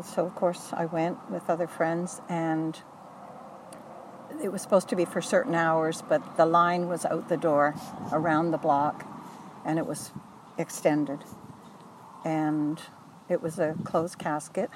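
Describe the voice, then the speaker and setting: A woman's voice: fairly low pitch, noisy background. Older woman recalling, distant street mic. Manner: earnest, halting, with self-corrections. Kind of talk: oral history recollection.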